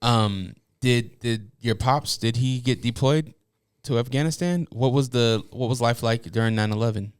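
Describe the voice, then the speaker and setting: A man hosting a podcast, asking slow, halting interview questions. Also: mid-range voice, smooth, no room sound, clean studio sound. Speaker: podcast host.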